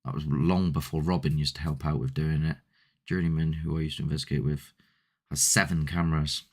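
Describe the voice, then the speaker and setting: Man, low pitch, casual chatty streaming host. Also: steady tone, brisk, a little mellow. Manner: rambling, chatty, answers viewer comments. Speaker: host of a paranormal channel. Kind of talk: casual live-stream chat.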